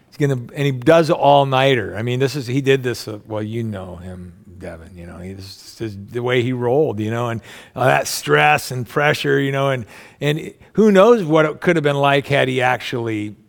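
A middle-aged male pastor delivers a relaxed, conversational sermon that wanders into asides. His voice is strongly gravelly, full of vocal fry, and sits at an ordinary mid pitch. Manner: rambling, folksy, with family anecdotes and many asides.

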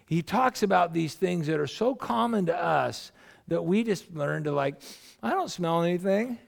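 A middle-aged male pastor with a deeply gravelly, fry-laden voice that sits a bit higher than most men's. He preaches in a loose, chatty storytelling way, circling back and restarting his sentences as he goes. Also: normal speed. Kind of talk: sermon.

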